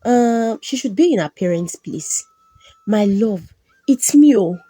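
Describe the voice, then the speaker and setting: Woman narrator plays a wheedling schemer, husky voice. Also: mid-range voice, animated, a little slow, mellow, no room sound, pitched above the performer's own voice. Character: scheming jealous young woman.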